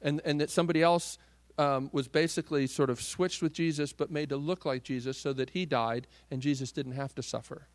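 A man's voice: a little high, fairly even intonation, fairly quick, no room sound. Man preaching a dramatic sermon. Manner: dramatic swings from loud declaring to hushed near-whisper. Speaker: pastor.

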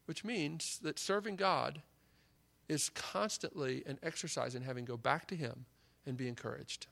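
A man preaching a sermon in an animated, emphatic way, acting out the lines he quotes. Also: fairly high pitch, vocal fry.

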